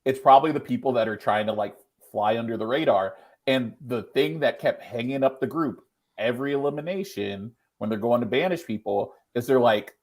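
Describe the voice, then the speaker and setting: Mid-pitched man, analytical podcast talk. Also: fairly quick, darkish tone. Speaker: podcast co-host. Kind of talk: casual chat.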